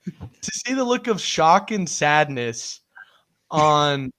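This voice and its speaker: A man's voice: on the high side, big pitch swings, slow, fairly bright tone. A man co-hosting a casual sports chat, telling a story with frequent laughs. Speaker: podcast co-host.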